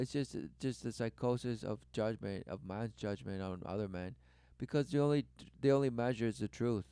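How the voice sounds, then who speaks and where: A man giving religious commentary over clips, repeating rhetorical questions and swinging between loud bursts and low mutters. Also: clear, resonant tone, no echo. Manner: repetitive rhetorical, keeps asking "who knew". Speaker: online commentator.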